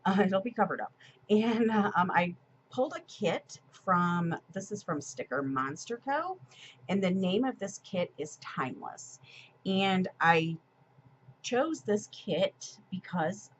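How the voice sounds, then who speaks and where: A woman's voice: mid-range voice, expressive, takes it slowly, dull audio, a little hiss or hum. A woman chatting casually through a plan-with-me for her planner, with lots of ums and small laughs. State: a little choked up with emotion. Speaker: planner vlogger.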